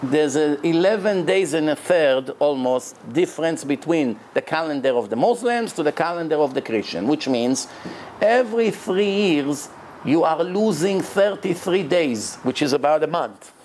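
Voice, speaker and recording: A man's voice: on the high side, lively intonation, moderate pace, darkish tone, slight background noise. A man, a rabbi who speaks natively, giving an emphatic religious lecture in English.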